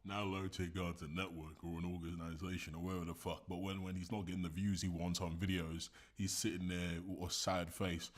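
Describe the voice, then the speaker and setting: A man's voice: deep voice, flat delivery, fast talker, few pauses. A man giving casual, sarcastic commentary and mocking the person on screen.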